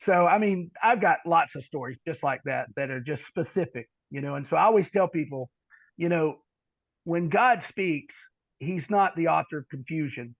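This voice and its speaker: A man telling stories as a podcast guest, animated in his storytelling. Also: a little high, normal speed, dry recording. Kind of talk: storytelling interview talk. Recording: dull lo-fi dry sound.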